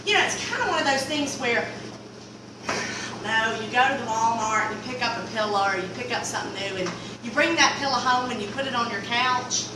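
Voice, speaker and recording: A woman with a Mississippi Southern accent telling a comic story in a casual, animated drawl, with sudden loud exclamations when she quotes herself. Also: a little high, a little fast. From Mississippi Delta. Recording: roomy, distant mic, clear background noise.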